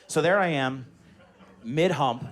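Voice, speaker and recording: A man in his thirties doing a high-energy stand-up comedy set on a live stage, shouting his punchlines. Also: slow pace. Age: 30s. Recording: live room with audience laughter.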